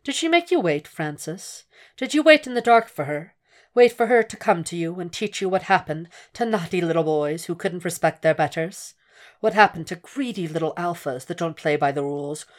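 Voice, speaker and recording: A woman voicing a calm, cold, cultured male doctor who speaks in a soft, measured, quietly mocking way. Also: lowish voice, natural voice. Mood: taunting.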